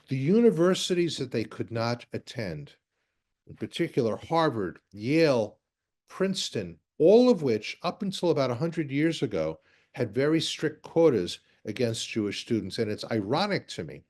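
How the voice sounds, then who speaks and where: A man's voice: medium pitch, darkish tone. A man, a rabbi giving a conversational lecture with wry asides while showing slides.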